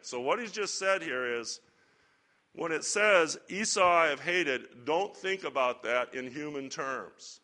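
A man teaching a Bible lesson to a church group in a relaxed, conversational sermon style with chatty asides. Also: on the high side, measured pace. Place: church or lecture hall with slides.

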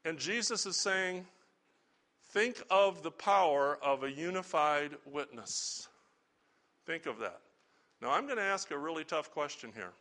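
A man's voice: fairly high pitch, animated, measured pace, pushed and bright. A middle-aged man preaching a sermon as a pastor, earnest and conversational, asking the congregation rhetorical questions.

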